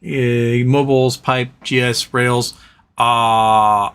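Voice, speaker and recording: A livestream host speaks slowly at medium pitch, with a clear, resonant and fairly bright tone. He chats casually, reads viewer comments aloud, and rants sarcastically with plenty of profanity.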